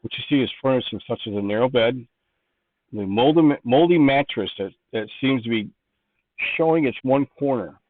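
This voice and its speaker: A man's voice: mid-range voice, moderate pace, no echo. Man running a tabletop game over a tinny line. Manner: descriptive, thinking aloud while setting scenes. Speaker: game master.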